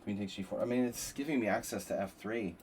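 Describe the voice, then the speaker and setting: A man's voice: fairly low pitch, fast, darkish tone, a little hiss or hum. A man hosting a live chess stream, thinking aloud through move lines with rambling asides. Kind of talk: live-stream commentary while playing.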